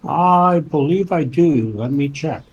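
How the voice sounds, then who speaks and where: Slow, easygoing male player. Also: a little high, expressive, slightly rough, muffled recording. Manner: easygoing, joking. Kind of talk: casual tabletop play.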